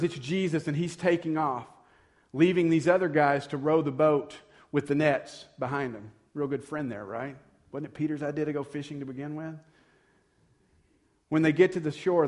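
Man preaching with animated storytelling. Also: a little high. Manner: animated dramatic retelling, conversational asides. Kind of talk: sermon storytelling.

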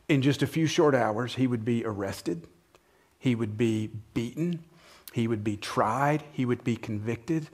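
A pastor with a mid-range voice preaches conversationally, asking listeners questions. He acts out lines, swinging suddenly between loud and soft.

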